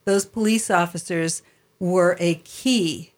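A woman's voice: on the low side, takes it slowly. A woman interviewing a guest, thoughtfully summing up what she heard. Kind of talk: reflective conversation.

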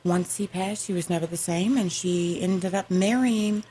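Southern woman, stage actress, very low voice, faint hiss behind, radio guest. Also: normal speed, mellow. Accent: Southern American. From American South. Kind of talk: radio interview.

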